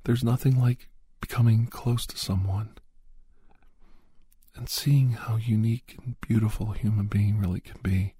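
A man speaking soft, repetitive, earnest self-affirmations in a breathy, half-whispered voice. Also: lowish voice, fairly even intonation, measured pace, dry recording.

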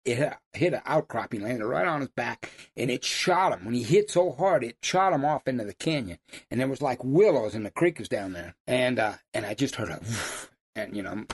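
A middle-aged man, a hunting guide, telling stories in casual chat with loud, high bursts when he quotes people. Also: brisk, husky. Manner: animated yarn-spinner, loud high bursts when quoting.

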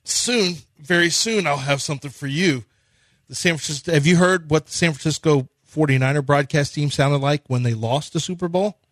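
A man co-hosting a sports radio show in casual banter, playful and quick to do silly impressions. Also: a little high, a bit bright, no room sound, clean studio sound.

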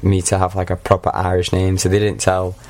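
A man's voice: low voice, monotone, a little fast, darkish tone. A man in his twenties with a Mancunian accent, a podcast guest chatting casually and joking at his own expense. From Manchester, England. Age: 20s. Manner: joking, self-mocking, laughs often. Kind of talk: casual chat.

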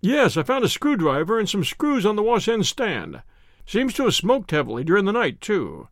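A man's voice: sits high, wildly swooping pitch, normal speed, dry recording, clean studio sound, exaggerated voice. A man voicing a hearty, self-assured police inspector with a matter-of-fact manner.

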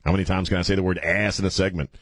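Tired, deep-voiced talk radio host. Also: male voice, little pitch movement, rapid-fire. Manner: rambling, blunt, joking, with frequent fillers and restarts. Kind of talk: casual talk radio monologue. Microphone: studio broadcast microphone.

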